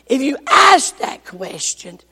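A male pastor preaching a sermon, telling folksy stories with bursts of shouting, recorded in a church sanctuary. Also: very high voice, very animated, takes it slowly. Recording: echoey church hall.

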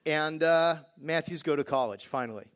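A middle-aged father with a somewhat high voice talks casually about his family's rules. He is wry and easygoing, and his talk is loose and full of small fillers. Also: normal speed, a bit bright. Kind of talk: personal talk on parenting.

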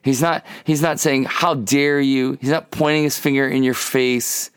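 A man's voice: mid-range voice, clean tone, dry recording. Earnest male preacher, dry close sound. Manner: earnest, animated, slows down to emphasize. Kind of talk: sermon-style teaching talk.

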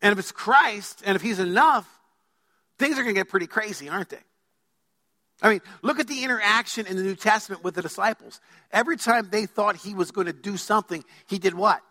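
Bright high-voiced male pastor preaching. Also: brisk. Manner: emphatic, asks the congregation questions. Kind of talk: sermon. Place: church sanctuary. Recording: long hall reverb.

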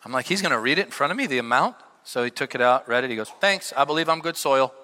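Animated preacher man in a reverberant hall. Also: mid-range voice, quick pace. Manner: animated storytelling with shouted peaks and dropped asides. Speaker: pastor. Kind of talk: sermon.

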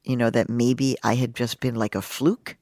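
Animated woman journalist telling a story. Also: extremely low pitch, moderate pace, no room sound, clean studio sound. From Mexico. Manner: animated, expressive, acts out quotes. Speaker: journalist and guest. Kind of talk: personal storytelling in an interview.

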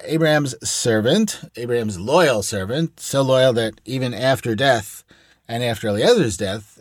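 A man's voice: fairly high pitch, dry recording, clean studio sound. A man teaching a text-study lesson in a digressive, explanatory way, reading short Aramaic phrases aloud and then glossing each in English. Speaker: Talmud teacher.

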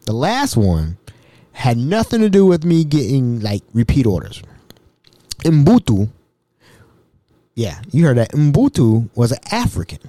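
A man hosting a casual storytelling podcast, chatty and animated, who fills his talk with "you know" and "like.". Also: mid-range voice, measured pace, long pauses, dry recording. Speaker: podcast host recounting work stories.

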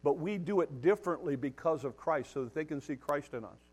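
A man's voice: a little high, animated, brisk, a little mellow, husky. A middle-aged man preaching a sermon, emphatic and direct, challenging his listeners and repeating words as he builds each point. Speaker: pastor.

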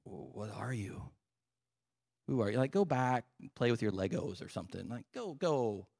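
A man voicing a boastful giant warrior who taunts an army with loud jeers. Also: medium pitch, lively intonation, normal speed, gravelly, no room sound, clean studio sound. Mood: dismissive.

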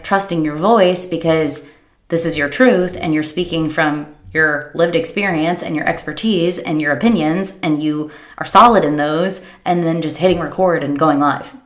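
A woman's voice: deep voice, normal speed, a bit bright. A woman coach giving a motivational talk, emphatic and repetitive, often acting out her clients' anxious inner thoughts. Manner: emphatic, repeats key phrases, acts out clients' worried inner voices. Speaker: business coach.

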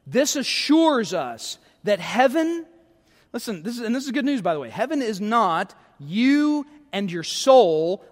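A man preaching as a pastor, animated, asking the congregation rhetorical questions and repeating points for emphasis. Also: very high voice, in a large hall. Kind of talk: sermon.

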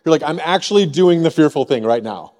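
Male pastor from Missouri, slightly high mellow voice, chatty sermon delivery, long church reverb. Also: animated, brisk. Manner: conversational, frequent rhetorical "right?". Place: church sanctuary.

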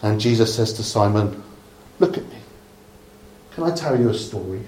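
A man's voice: lowish voice, lively intonation, moderate pace, a little hiss or hum. A man from Dorset, preaching a sermon by retelling a story in a chatty way with humorous asides. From Dorset, England. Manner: conversational storytelling, humorous asides, softening to a hush at the close. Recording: echoey room.

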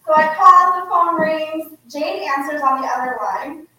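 Woman, high bright voice, earnest heartfelt storytelling, echoey hall from a distance. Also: normal speed. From United States. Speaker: author and guest speaker. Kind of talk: unprepared personal storytelling talk.

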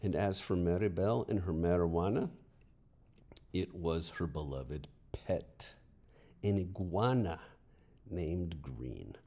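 A man telling a funny story from his teaching days as a podcast host, in a lively and amused way. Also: deep voice. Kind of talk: storytelling narration.

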